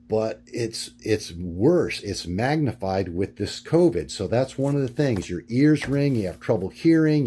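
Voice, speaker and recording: A middle-aged man talking through his notes in a rambling monologue, halting and full of fillers, often searching for words. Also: medium pitch, warm tone, breathy edge. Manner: halting, many fillers and restarts. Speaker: vlogger.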